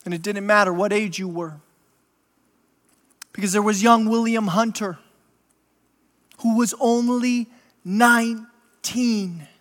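A man preaches in a slow, deliberate cadence, his voice very high and bright. He builds to impassioned emphasis, and a long reverb from a large hall trails each phrase. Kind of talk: sermon storytelling.

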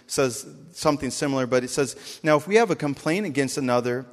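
Male pastor, earnest sermon delivery, storyteller who voices his characters; slightly higher voice, big reverberant room.

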